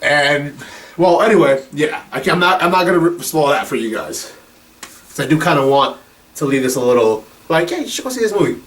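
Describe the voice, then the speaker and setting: A man's voice: fairly high pitch, normal speed, fairly bright tone, distant mic. Rambling profane young guy reviewing films. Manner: rambling, profane, filler-heavy. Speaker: movie reviewer. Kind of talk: casual profane film review vlog.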